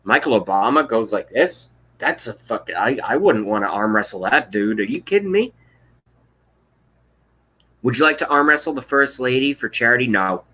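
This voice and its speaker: A man's voice: medium pitch, animated, normal speed, bright, forceful tone, husky. A man in his thirties ranting on a live stream, blunt, sarcastic and profane, reading out chat comments. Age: 30s. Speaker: political vlogger.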